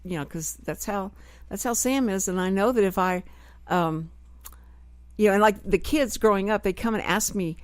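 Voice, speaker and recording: A middle-aged woman in a radio studio hosts a talk show, chatting casually in a mid-range voice at normal speed. She talks expressively with no filter, acting out quoted voices, on a dry recording.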